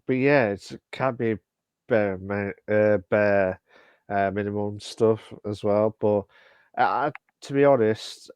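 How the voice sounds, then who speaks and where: A man co-hosting a casual podcast, talking in halting bursts with lots of fillers and restarts. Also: fairly low pitch, darkish tone, clear, resonant tone, dry recording, clean studio sound. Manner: hesitant, many fillers and restarts. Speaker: podcast co-host.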